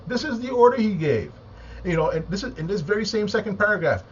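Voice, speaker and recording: A man giving an agitated, emphatic monologue, repeating words and pausing for deep breaths. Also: lively intonation. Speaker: political commentator. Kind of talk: impassioned monologue. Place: home, with a small AM radio nearby. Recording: slightly dull lo-fi recording with faint noise.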